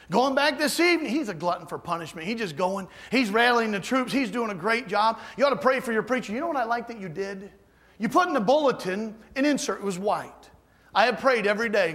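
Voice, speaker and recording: A man's voice: sits high, bright, forceful tone. A man preaching a folksy, emphatic sermon full of asides to the congregation. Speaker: guest preacher.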